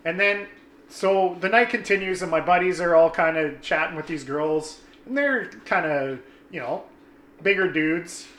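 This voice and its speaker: A young man tells a story with animated swearing and plays his friends' lines as he goes. His voice is bright and a little high, and the room gives it a clear echo. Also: a little slow. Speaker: guest telling a story. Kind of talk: casual storytelling.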